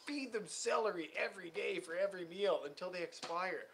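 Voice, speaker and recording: A man from Canada co-hosting a casual guitar chat show, ranting and joking in an animated way. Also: high voice, fairly quick, creaky, a little hiss or hum. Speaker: co-host.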